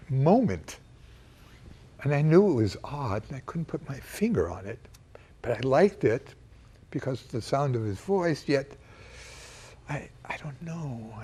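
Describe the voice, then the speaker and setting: An older man telling a personal memory in a reflective, emotional way, dropping to a hush at times. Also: medium pitch, slightly rough. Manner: reflective and emotional, with quiet hushed passages. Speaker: storyteller recounting a personal memory. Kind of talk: personal storytelling to camera.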